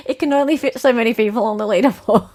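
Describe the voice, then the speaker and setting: An Australian woman hosting a livestream quiz, playfully reading out multiple-choice options slowly and repeating them. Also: a little high, a little mellow. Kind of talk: casual livestream chat.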